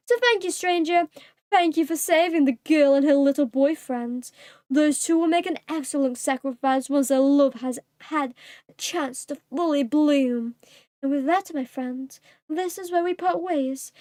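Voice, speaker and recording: A British woman voicing a sinister male cat demon from a game, calm and menacing as he gloats. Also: high voice, no room sound, clean studio sound, lightly acted. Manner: calm, measured, gloating villain monologue. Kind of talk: reading game dialogue aloud.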